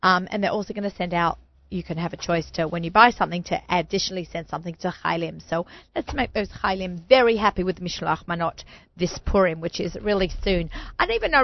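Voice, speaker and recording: A woman in her forties hosting a radio talk show, chatty and excitable, often laughing. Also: fairly low pitch, quick pace, no room sound, highs cut off. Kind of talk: casual chat.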